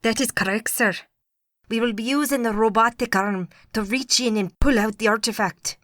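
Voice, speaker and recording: A woman's voice: on the high side, normal speed, fairly bright tone, dry recording, studio quality, lightly acted. A woman reading an audiobook, voicing a polite, deferential man who leads an excavation team. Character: polite male dig team leader, deferential. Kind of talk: audiobook character voice.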